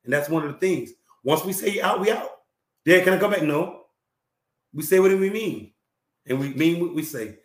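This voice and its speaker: Preachy guy hosting an advice show, kinda high voice, keeps clearing his throat, echoey room. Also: brisk, fairly bright tone. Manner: preachy and emphatic, repeats phrases, clears throat often. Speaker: host. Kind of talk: relationship advice talk show.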